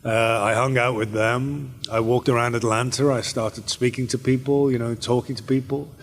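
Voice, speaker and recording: A man's voice: medium pitch, normal speed. A British man answers fan questions at a convention panel, loose and rambling, often restarting his sentences. His voice sits in the middle range. The sound carries the long reverb of a large convention hall. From Britain. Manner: relaxed, rambling, with many fillers and restarts. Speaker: actor and panel guest.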